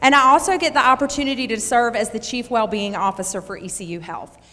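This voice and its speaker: A woman's voice: a little high, fast talker, pushed and bright. A woman with an Eastern North Carolina accent giving an enthusiastic public speech to a live audience as a physician introducing a keynote. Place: large hall. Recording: reverberant hall.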